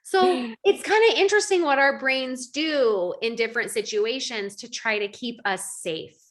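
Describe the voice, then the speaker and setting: Woman in her thirties, high voice, animated, life coach on a video call. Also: normal speed. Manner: animated, acts out her own thoughts in quotes.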